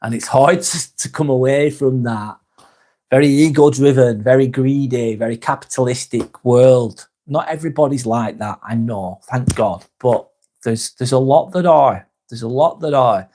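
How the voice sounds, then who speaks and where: A man chats on his live stream, rambling through thoughts and reading viewers' comments aloud. He swears freely and slips into dry sarcasm, with a mid-pitched voice. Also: normal speed, dark tone. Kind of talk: casual live-stream chat.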